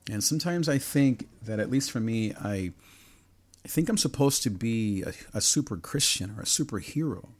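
A man's voice: medium pitch, expressive, normal speed. A middle-aged man preaching a personal sermon, earnest and repetitive, stacking phrases into building lists.

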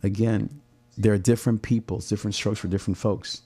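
A man's voice: lowish voice, steady tone, a little fast, dark tone, slightly rough. A middle-aged man from Southern California, a pastor, talking earnestly about his drive, repeating words as he builds intensity. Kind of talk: personal reflection talk.

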